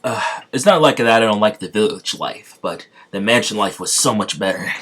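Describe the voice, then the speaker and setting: A man's voice: on the low side, normal speed, a bit bright, slight background noise, lightly acted. A man voicing an eager, jokey young male knight in a spoken fan story, reading the lines plainly in his own voice.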